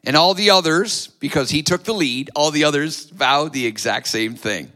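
A man's voice: a little high, normal speed, sharp tone. A man preaching a sermon to his church, retelling a story dramatically and acting out the voices. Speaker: pastor.

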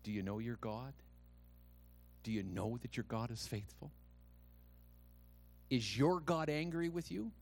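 A man pastor preaching a sermon. He swings from hushed asides to loud, shouted declarations and asks many rhetorical questions. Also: medium pitch, unhurried, creaky, pauses often, soft background music.

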